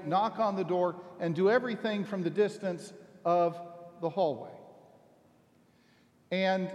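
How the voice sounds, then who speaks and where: Man preaching in a reverberant church. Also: high-pitched. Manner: measured, storytelling delivery with slow deliberate phrasing. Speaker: pastor. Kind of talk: sermon.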